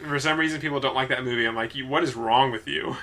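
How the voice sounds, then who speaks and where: A man's voice: mid-range voice, quick pace, bright, forceful tone, a little hiss or hum. A young man co-hosting a casual movie podcast, rambling and correcting himself as he talks, often laughing. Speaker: podcast co-host.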